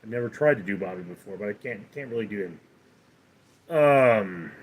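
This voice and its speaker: A man's voice: lowish voice, lively intonation, moderate pace, a little hiss or hum. A man hosting a casual livestream, reading viewer comments aloud and rambling with many fillers and restarts. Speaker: livestream host.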